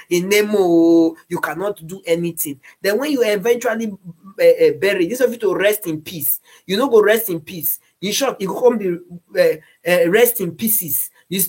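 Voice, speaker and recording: A woman's voice: mid-range voice, husky. A woman with a Nigerian accent giving earnest moral advice, slipping into Pidgin phrases and repeating words as she searches for them.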